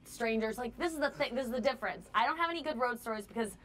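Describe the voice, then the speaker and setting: A woman's voice: fairly high pitch, fast talker, fairly bright tone. A young woman, a stand-up comedian, chatting candidly in an interview and acting out quotes with animation. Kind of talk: casual interview chat. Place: bar.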